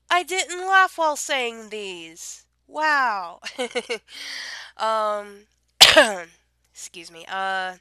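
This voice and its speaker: A woman with a light Southern lilt talks at a very unhurried pace, her voice bright and smooth, still getting over a cold. She rambles casually with lots of ums and uhs, reading a word list to camera at home. The recording is close and dry. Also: fairly high pitch, sing-song, no room sound. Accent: subtle Southern US. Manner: chatty and meandering, many fillers, laughs between words. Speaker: vlogger.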